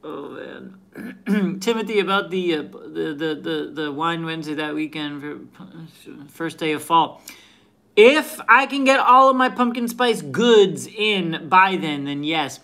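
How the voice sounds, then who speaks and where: A man's voice: a little high, animated, unhurried, vocal fry, pushed and bright. A man hosting a casual live stream, who stammers and repeats his words as he chats.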